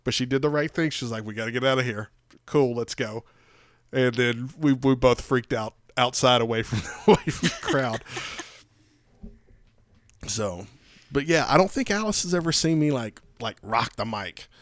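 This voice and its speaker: A man telling a rambling, animated story as a podcast host, with frequent restarts. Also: mid-range voice, moderate pace, no room sound. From Georgia, USA. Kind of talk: casual storytelling chat.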